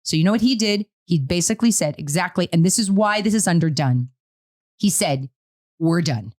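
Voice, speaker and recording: Woman, middle-aged, co-host, casual storytelling, very expressive pitch. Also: a little fast. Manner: animated storytelling, quotes her own words. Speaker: podcast co-host. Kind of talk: casual parenting discussion.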